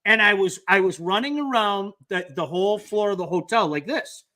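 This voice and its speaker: A man hosting a casual chat with a high, bright voice. He tells stories animatedly and doubles up on words as he gets going. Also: moderate pace. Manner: animated storyteller, repeats words when excited. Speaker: host.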